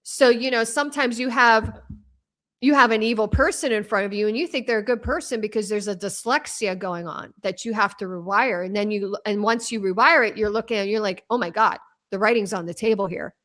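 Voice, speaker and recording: Animated, bright-voiced woman guest. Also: fairly high pitch. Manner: animated, fast and rambling with many restarts. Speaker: author and trauma coach as guest. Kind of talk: casual interview talk.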